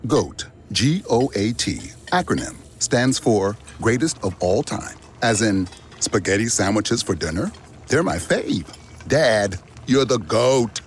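A man in a radio ad slowly and deliberately explaining teen slang. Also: fairly low pitch, animated, a little hiss or hum. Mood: deadpan. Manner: slow, deliberate definitions. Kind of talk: ad voice-over.

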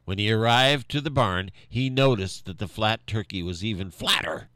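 A man reading a children's story aloud with animated, lively storytelling. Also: on the low side, normal speed, no echo, clean studio sound.

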